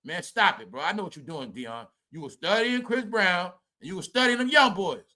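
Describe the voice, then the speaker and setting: A man hosting a profane gossip commentary stream, loud and mocking, repeating phrases and laughing at his own jokes. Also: high-pitched, animated, moderate pace. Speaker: commentary channel host.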